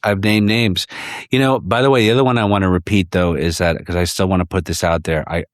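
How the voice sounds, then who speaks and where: A man's voice: low voice, fairly even intonation, fast, no echo, clean studio sound. A man talking as a podcast guest in a loose, rambling, profane casual chat, recorded in person on a handheld recorder. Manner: rambling, profane, many restarts. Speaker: podcast guest, fellow podcast host. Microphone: handheld portable recorder.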